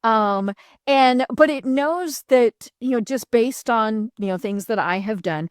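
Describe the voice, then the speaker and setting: A middle-aged woman hosting a casual interview, chatty and animated, laughing often and filling pauses with "you know". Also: on the high side, clear, resonant tone, no echo, studio quality.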